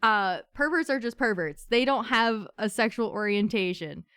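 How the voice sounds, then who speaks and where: Young woman venting at book club, super expressive, bright voice, dry mic. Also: on the high side, moderate pace, clear, resonant tone, dry recording. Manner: emotional, animated, swings between venting and seething. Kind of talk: casual book discussion livestream.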